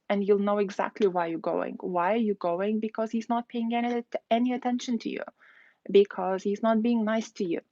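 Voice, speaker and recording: A woman's voice: mid-range voice, darkish tone, no echo, dull audio. A woman streaming live, giving blunt dating advice in a chatty, casual way, full of "like" and "you know". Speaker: dating coach. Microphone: phone.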